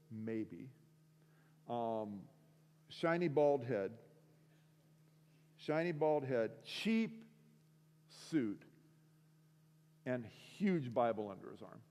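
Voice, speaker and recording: A man giving a sermon testimony, telling his story in an animated way and acting out the conversations. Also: medium pitch, long reverb tail. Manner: animated storytelling, acts out dialogue. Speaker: guest speaker. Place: school auditorium.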